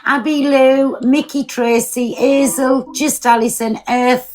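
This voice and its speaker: A woman's voice: high-pitched, fairly even intonation, slow pace, darkish tone. A woman hosting a live stream from home, talking casually and bluntly, swearing freely and answering her viewers. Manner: blunt, swears freely, talks back to commenters.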